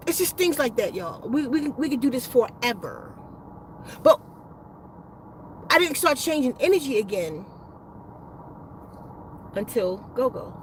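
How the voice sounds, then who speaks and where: With a high voice over a rough recording carrying some hiss or hum, this spiritual healing channel host chats casually on a livestream. She tells a meandering story laced with profanity.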